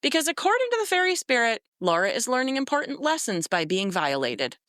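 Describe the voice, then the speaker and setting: A woman's voice: on the high side, big pitch swings, fairly quick, a bit bright, no echo. Exasperated woman recapping a novel, bone-dry sound. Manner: sarcastic, exasperated, swears freely, acts out quotes. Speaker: podcast co-host. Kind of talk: casual chat, recapping a novel.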